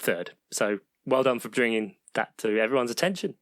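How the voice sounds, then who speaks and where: A man's voice: medium pitch, animated, moderate pace, fairly bright tone, dry recording, studio quality. A man co-hosting a podcast, chirpily reading out league standings and teasing his co-hosts in casual chat. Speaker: podcast co-host.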